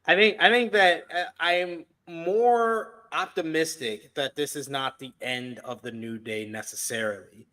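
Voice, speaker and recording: A man's voice: fairly high pitch, measured pace, few pauses. A man hosting a wrestling review show, chatting casually and with enthusiasm. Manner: animated, enthusiastic. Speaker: host. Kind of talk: casual chat.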